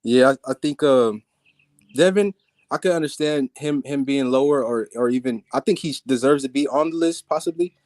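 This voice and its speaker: A man's voice: mid-range voice, moderate pace, darkish tone, dry recording. A man calling in to a live boxing talk stream, giving his opinions hesitantly with many restarts. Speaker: caller. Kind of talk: casual debate call-in.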